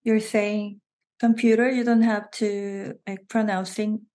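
Korean-accented woman guest, slow careful english, giggly, restarts a lot. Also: mid-range voice, level tone, dark tone. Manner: laughs often, halting restarts. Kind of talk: casual interview chat.

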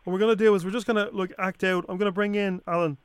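Chatty Irish radio prankster. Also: male voice, high voice, steady tone, very fast, clean tone, dry recording. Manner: chatty, plays a fussy casting agent. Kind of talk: radio prank call chat.

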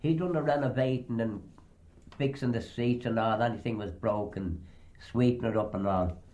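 An older man reminisces about old pranks in a rambling, anecdotal way. His pitch sits squarely in the ordinary male range, and he slips into the voices of the people he quotes. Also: moderate pace, darkish tone. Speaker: storyteller. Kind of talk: oral history reminiscence.

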